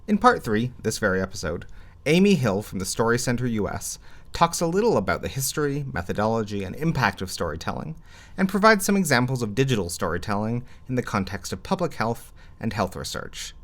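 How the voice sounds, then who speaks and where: A man, co-host of a podcast, reading a scripted introduction to the episode in a clear, measured announcer manner. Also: mid-range voice, very animated, fairly bright tone.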